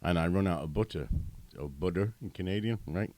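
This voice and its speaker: A middle-aged man with a British accent and a deep, low voice. He talks in a chatty way and tells animated anecdotes. The sound is dry and close, with no room echo. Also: fairly quick. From Britain. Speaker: interview guest. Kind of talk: casual interview chat.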